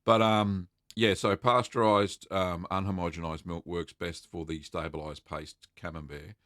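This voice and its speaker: A man's voice: low-pitched, fairly even intonation, a little slow, fairly bright tone, no echo, studio quality. A middle-aged Australian man hosting a casual live stream, chatting and answering viewer questions with lots of fillers. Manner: chatty and rambling, reading out names with many fillers.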